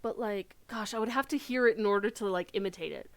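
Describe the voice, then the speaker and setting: A woman game streamer chatting casually while she plays, excitable and rambling, full of fillers and quick bursts. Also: medium pitch. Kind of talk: casual chat while playing.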